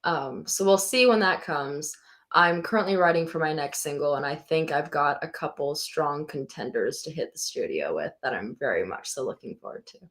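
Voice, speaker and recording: A woman's voice: sits low, lively intonation, normal speed, a bit bright. A young woman from Minnesota, a singer guesting on a podcast, chatting in a giggly, easygoing way. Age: young adult. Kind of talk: casual interview chat.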